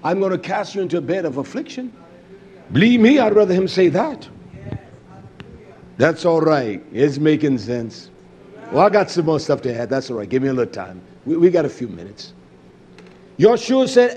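A man preaching a sermon, shifting from loud emphatic exhortation to low intense delivery. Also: big pitch swings, normal speed, slightly rough, dull audio.

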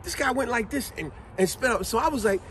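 A man's voice: extremely high pitch, fast talker, slight background noise. A man in his forties telling a funny story as a casual rant to his viewers, acting out what people said and laughing at himself. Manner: lively, acts out quotes, laughs at himself.

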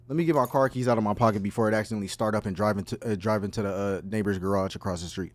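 A man giving excitable, profane let's-play commentary as he plays a game, yelping and shouting when startled. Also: lowish voice, rapid-fire, hardly any pauses, over music. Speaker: gaming video host.

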